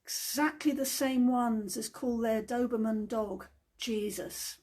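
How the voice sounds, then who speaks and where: A woman voicing a calm, cheeky talking parrot in a joke, speaking slowly and solemnly. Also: on the high side. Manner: slow, solemn repeated warning.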